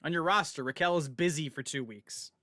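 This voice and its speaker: A man's voice: on the high side, fairly quick, no room sound. A man co-hosting a gaming stream, chatting casually and laughing as he tells stories. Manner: animated, laughs while telling stories. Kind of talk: casual chat while playing.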